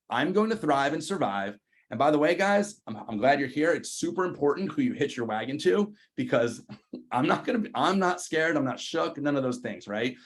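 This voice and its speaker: A man, in his thirties, giving a motivational sales training talk to his team, energetic and slangy, often asking the room questions. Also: medium pitch. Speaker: real estate team leader.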